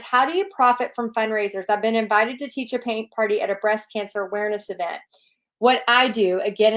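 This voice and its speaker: Bubbly high-voiced woman. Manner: bubbly, gushing, effusive. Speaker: host reading viewer questions. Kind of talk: casual live Q&A.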